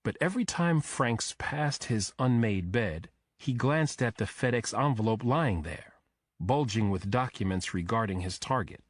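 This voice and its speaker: A man narrating a crime thriller audiobook in the first person, measured and even. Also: medium pitch, no echo.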